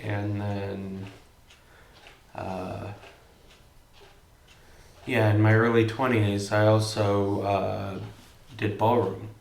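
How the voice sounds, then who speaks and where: A man's voice: fairly low pitch, flat delivery, extremely slow, vocal fry, long pauses, a little mellow, echoey room. A tipsy man chatting casually and joking, rambling on between laughs.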